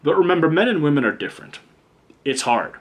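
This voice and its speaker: A man's voice: fairly high pitch, very animated, fast. A man giving a casual pick-a-card tarot reading, blunt and chatty, swearing freely and drifting into rants. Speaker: tarot reader and teacher.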